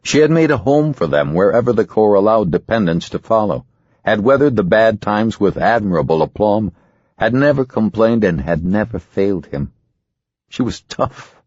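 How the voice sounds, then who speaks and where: Male thriller narrator: low, husky, suspenseful, dry close sound. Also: animated, darkish tone, dry recording, dull audio. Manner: measured, suspenseful. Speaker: audiobook narrator. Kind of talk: scripted narration.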